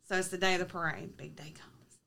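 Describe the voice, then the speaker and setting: A woman tells a story on a casual podcast, swearing freely and joking. Her voice is bright and sharp. Faint noise sits in the background. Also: fairly low pitch, fairly even intonation, brisk, vocal fry. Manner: profane, joking, laughs often. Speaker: podcast co-host.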